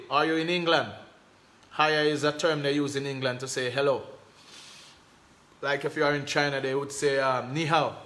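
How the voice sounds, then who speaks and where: A man's voice: medium pitch, pushed and bright. A man with a Jamaican accent hosting a casual live stream, talking emphatically in patois phrasing and reading out viewer comments. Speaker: host.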